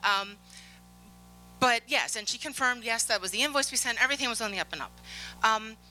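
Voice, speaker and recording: A woman giving a conference keynote, telling work stories in a lively way, acting out the dialogue and laughing often. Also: on the high side, a little fast, soft background music, poor audio. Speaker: conference speaker on security. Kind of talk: keynote storytelling. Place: conference stage.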